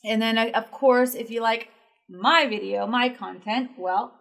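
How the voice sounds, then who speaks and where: A woman casually chatting as a metal reaction host, playful and excitable, rambling with lots of fillers. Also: fairly high pitch, measured pace, gravelly.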